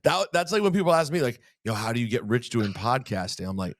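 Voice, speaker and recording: Wry man with a lively voice. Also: medium pitch, quick pace, dry recording. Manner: wry, jokey, lively rise and fall. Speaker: podcast host. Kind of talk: casual podcast banter. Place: podcast studio. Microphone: studio mic.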